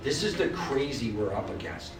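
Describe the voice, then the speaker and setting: A man's voice: mid-range voice, very animated, normal speed. A man giving indignant, mocking radio commentary in a played clip. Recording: roomy distant clip over music.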